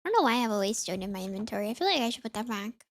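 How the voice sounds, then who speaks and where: A young VTuber streamer from the US South (Florida, Mississippi), with a light Southern accent, speaks very fast in a high, very animated voice. She sounds sniffly and congested, rambling with lots of "like" as she chats during a game.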